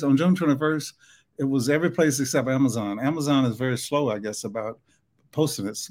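A man with a Southern US accent, a book author talking as a podcast guest in a relaxed way, mumbling some words and laughing often. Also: mid-range voice. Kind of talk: podcast interview.

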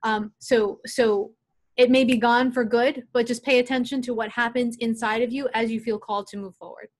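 A woman guest, a spiritual channeler, giving gentle, soothing, earnest guidance on a live call. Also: a little high, steady tone, moderate pace.

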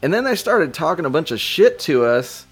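Animated swearing man telling band stories. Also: fairly high pitch, moderate pace, slightly rough. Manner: animated, swears a lot, acts out quotes loudly. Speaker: podcast guest, former band member. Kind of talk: casual storytelling chat.

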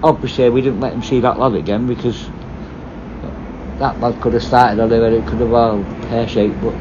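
A former prison officer telling stories casually, blunt and full of swearing, rambling and restarting. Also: male voice, medium pitch, steady tone, moderate pace, lo-fi sound, noisy background. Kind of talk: casual storytelling.

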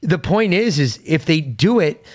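A man's voice: fairly high pitch, animated, unhurried. A man co-hosting a political podcast, talking bluntly and argumentatively with frequent swearing. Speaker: podcast co-host.

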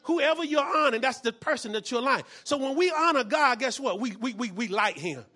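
A man preaching a sermon as pastor, often shouting and repeating phrases, calling out to the congregation for responses. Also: extremely high pitch, expressive, a little fast.

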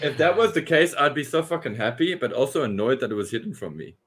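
A man co-hosting a casual podcast, joking and animated in the banter. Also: mid-range voice, quick pace, a little hiss or hum. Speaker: podcast co-host.

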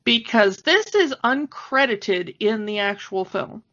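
A woman's voice: medium pitch, animated, takes it slowly, fairly bright tone. Chatty woman with a lo-fi sound. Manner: chatty, laughs often, fillers and restarts. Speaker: podcast co-host. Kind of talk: casual chat. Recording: dull lo-fi sound.

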